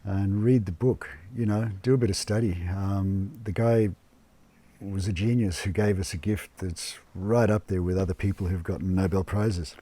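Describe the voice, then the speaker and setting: A man who runs an eco lodge, talking casually in an interview, relaxed and unhurried with many fillers and restarts, speaking indoors at home. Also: low voice. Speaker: eco lodge owner and permaculture gardener.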